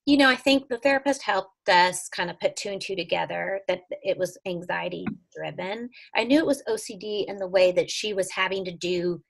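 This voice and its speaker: Gravelly-voiced woman telling an earnest story. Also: moderate pace, few pauses. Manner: earnest, animated, with sudden leaps in pitch when emphatic. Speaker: guest telling her family's story. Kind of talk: personal storytelling in an interview.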